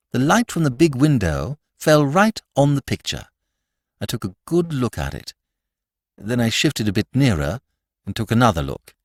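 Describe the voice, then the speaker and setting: Animated male storyteller. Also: medium pitch, moderate pace, dry recording, clean studio sound. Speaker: podcast narrator. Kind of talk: scripted audiobook narration.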